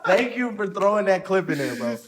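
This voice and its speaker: A man co-hosting a casual podcast, excitable and slangy, laughing a lot. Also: high voice, fairly quick, a loud crowd. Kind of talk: casual chat.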